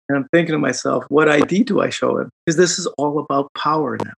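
A middle-aged man tells a long personal story as an interview guest. His voice sits a little high for a man and carries a gravelly rasp. He laughs lightly as he talks and drops many fillers. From Chicago, United States. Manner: reflective, animated retelling with quick laughs and fillers.

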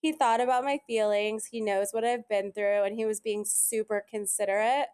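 Woman gabbing on a podcast, lively storyteller, quotes folks a lot, middle pitch. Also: normal speed, clean tone. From Italian heritage. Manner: animated storyteller, quotes others often. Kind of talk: casual chat.

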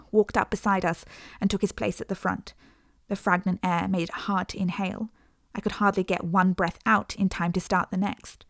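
A woman narrating a first-person story as an audiobook, in a measured, earnest way. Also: lowish voice, gravelly, dry recording, clean studio sound.

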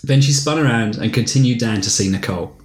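A man hosting a podcast, reading a story aloud in a steady, deadpan way. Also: mid-range voice, fast talker. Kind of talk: reading fiction aloud with banter. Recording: roomy recording, faint noise.

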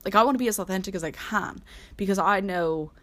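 A woman's voice: mid-range voice, fast talker, fairly bright tone. A woman in her early twenties talking casually and earnestly as a solo host, rambling with constant "like" fillers. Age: 20s. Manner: rambling, heavy use of "like", earnest. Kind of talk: casual solo podcast chat. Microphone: laptop.

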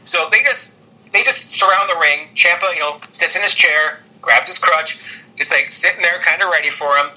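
A man's voice: on the high side, normal speed, sharp tone, poor audio. A man casually recapping wrestling on a podcast, rambling with lots of fillers and frequent laughs. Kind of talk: casual chat.

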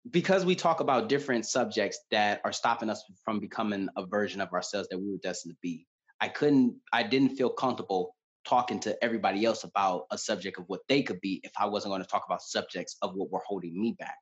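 Earnest man, low voice, lo-fi audio. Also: fast. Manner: earnest, emotional storytelling. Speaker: podcast guest. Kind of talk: candid conversation.

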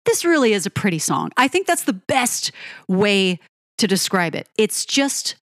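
A woman giving an admiring, unhurried commentary on a pop ballad. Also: mid-range voice, big pitch swings, fairly bright tone, no echo, studio quality. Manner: admiring, lingers on phrases, sings lyric snippets. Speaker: music reviewer. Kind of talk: song-by-song music commentary.

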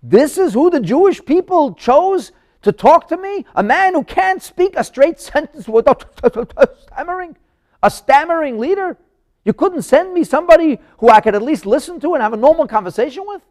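Anguished prophet, done by a male speaker: high, gravelly, pleading. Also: sing-song, normal speed, darkish tone, full character voice. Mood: self-doubting. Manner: pleading, exasperated outbursts.

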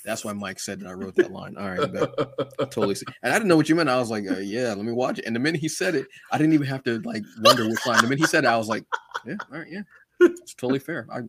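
A man co-hosting a podcast in casual chat, from the United States, animated and often calling his co-host brother. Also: mid-range voice, very fast, slight background noise. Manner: animated, says "brother" often, acts out quotes.

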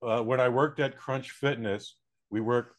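A man's voice: medium pitch, steady tone, unhurried. A man co-hosting a podcast in casual chat, telling blunt, profane anecdotes. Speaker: podcast co-host.

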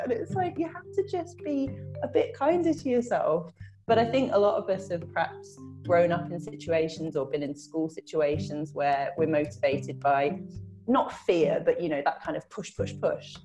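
A woman talking as a guest on a podcast, animated and often laughing, acting out little voices when she quotes. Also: lowish voice, fairly quick, music in the background. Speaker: podcast guest, business owner and coach. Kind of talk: casual podcast chat.

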